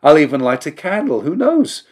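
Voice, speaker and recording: A man's voice: a little high, sing-song, normal speed, a little mellow, slightly rough, voice pushed up. A man voicing a young, steadfast immigrant, earnest and hopeful, raised above his own voice. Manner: earnest, rising to eager pleading.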